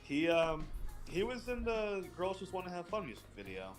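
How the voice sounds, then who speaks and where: A man chatting on a gaming stream through his phone, telling stories with an animated, swinging pitch. He swears freely and rambles with energy, and faint music plays under him. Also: normal speed. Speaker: stream co-host. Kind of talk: casual chat over gameplay. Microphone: phone over voice chat.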